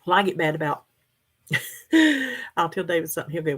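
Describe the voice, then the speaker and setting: A woman's voice: deep voice, fairly quick, breathy edge. A middle-aged woman, chatting casually with her viewers and laughing often as she answers their comments. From United States. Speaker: livestream host.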